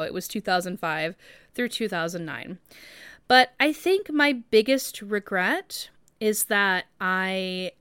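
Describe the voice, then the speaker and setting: A woman's voice: mid-range voice, fairly bright tone, clear, resonant tone, no echo, studio quality. A woman in her thirties hosting a podcast, talking in a chatty, rambling way full of "like" and "um". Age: 30s. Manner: chatty, rambling, many "like" and "um" fillers. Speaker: podcast host. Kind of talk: casual podcast monologue.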